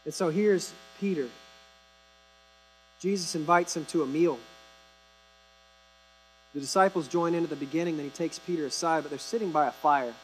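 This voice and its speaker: Man, high voice, pastor preaching a sermon, chatty and wry, drops to a hush. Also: moderate pace, pauses often, slight background noise, low-quality recording. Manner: conversational, wry asides, drops to a hushed low voice.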